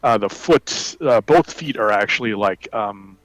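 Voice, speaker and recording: A man's voice: lowish voice, animated, measured pace, a bit bright, no echo, rough recording. A man narrating a tabletop game as game master in a loose style full of fillers.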